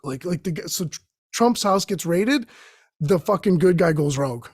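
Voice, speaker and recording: A very animated young host with a high, slightly husky, darkish voice rambles through a profane comic monologue. He bounces between tangents and acts out quoted voices, recorded close to the mic, dry, with no echo.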